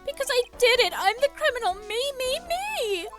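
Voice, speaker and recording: A woman reading game dialogue aloud, voicing a panicky young man who keeps shouting that he is guilty, with game music behind her. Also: very high voice, sing-song, normal speed, voice pushed up. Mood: frantic. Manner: frantic shouting confessions.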